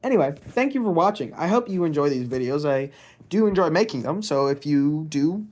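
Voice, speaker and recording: A man's voice: a little high, animated, a little fast, a little mellow. Rambling, hesitant young man. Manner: rambling and hesitant, with many fillers and restarts. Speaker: channel host. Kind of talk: casual vlog commentary.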